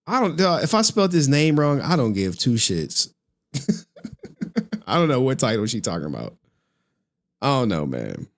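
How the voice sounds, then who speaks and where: With vocal fry and huge swings in pitch, a man on a live stream chats casually with viewers at a moderate pace, leaving long pauses. He rambles, swears freely and grumbles about his chat.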